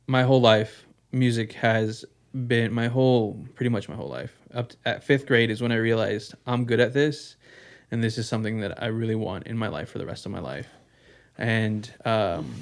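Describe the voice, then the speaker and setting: A young man co-hosting a podcast, talking candidly and rambling, swearing freely and filling gaps with "um" and "like". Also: fairly low pitch. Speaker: podcast co-host. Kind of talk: casual podcast chat.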